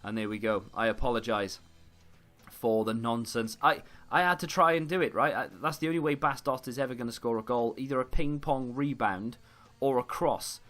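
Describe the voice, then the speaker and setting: A gaming YouTuber provides live commentary over his own football video game match, sounding frustrated and putting himself down. He speaks at a moderate pace in a mid-range, fairly bright voice.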